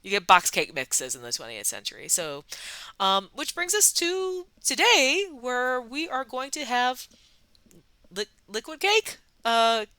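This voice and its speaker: Bright, crisp-voiced woman vlogger. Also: on the high side, big pitch swings, a little slow, no room sound. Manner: wry asides, many ums and uhs. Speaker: soda review vlogger. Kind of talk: casual history chat.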